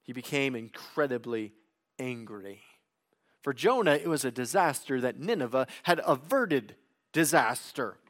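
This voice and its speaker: A man preaching an expository sermon in a deliberate way, sinking low and quiet to stress key words. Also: expressive.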